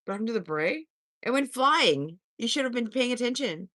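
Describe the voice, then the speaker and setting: A sassy woman in her fifties who chats with live viewers in a blunt, cussing way. Her voice is bright and edgy, and her pitch swings a lot. The sound is close and dry. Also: animated, moderate pace, no echo. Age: 50s. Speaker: livestream host. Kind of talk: casual live-stream chat, answering viewer comments.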